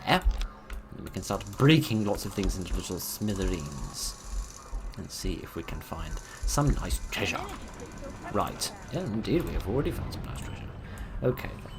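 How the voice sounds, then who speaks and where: A man giving casual, rambling gameplay commentary, self-deprecating and chatty. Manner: lively, quick changes of pitch and loudness. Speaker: let's play host.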